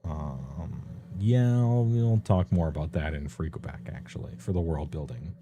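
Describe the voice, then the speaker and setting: A man's voice: extremely low pitch, normal speed, dark tone, a little hiss or hum. A man streaming a casual, rambling rundown of tabletop game books, offhand and full of ums. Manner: loose and offhand, many ums, laughs at himself.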